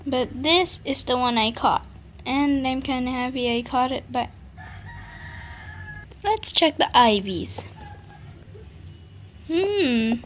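Young female gaming host, high and unhurried, annoyed ranting commentary. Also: animated, a little hiss or hum. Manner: annoyed, ranting, muttering asides. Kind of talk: casual game commentary.

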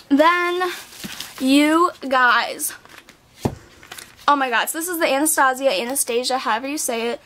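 A high-pitched young woman of nineteen talks straight into her camera about what she bought. She is bubbly and gushing, her casual chat full of "like" fillers. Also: pushed and bright, slight background noise. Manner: bubbly, chatty, says "like" a lot. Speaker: beauty vlogger. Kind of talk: casual haul video chat. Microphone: camera mic.

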